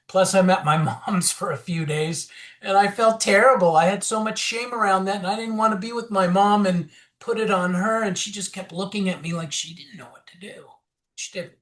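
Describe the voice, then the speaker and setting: A man candidly telling his personal recovery story as an interview guest, animated and acting out quotes, with many fillers and restarts. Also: fairly high pitch, moderate pace.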